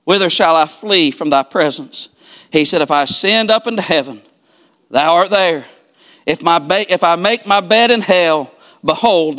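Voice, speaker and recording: Preacher guy, high bright voice, builds up to hollering, keeps repeating lines. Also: smooth. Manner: rising to fervent shouted cadence, repeating phrases. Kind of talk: revival-style preaching.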